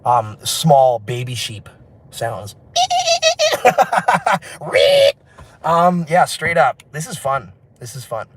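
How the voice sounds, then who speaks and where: A man rambling through a livestream while walking city streets outdoors, excitable and laughing, his voice hoarse from screaming. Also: medium pitch, takes it slowly, slight background noise. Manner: excitable, laughing, shouting bursts.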